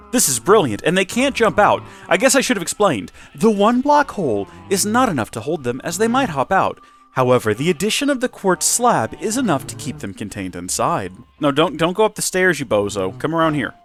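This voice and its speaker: A man's voice: a little high, fairly bright tone. A man hosting a Minecraft let's play, talking in a playful mock presenter tone and rambling through self-corrections. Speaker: Minecraft channel host.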